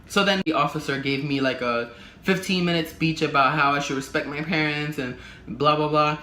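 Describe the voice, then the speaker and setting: A young man with a fairly high, bright, forceful voice tells a story in a casual vlog, animated and swearing freely. He acts out everyone else's lines himself. The room is echoey, with a faint hum behind him. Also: fairly quick. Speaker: vlogger.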